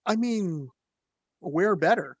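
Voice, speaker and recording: A man's voice: high voice, expressive, slow pace, creaky, no room sound, lo-fi sound. Wry male podcast host, dry close mic. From northern United States. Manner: wry, reads sayings from a phrase book. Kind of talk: casual podcast banter.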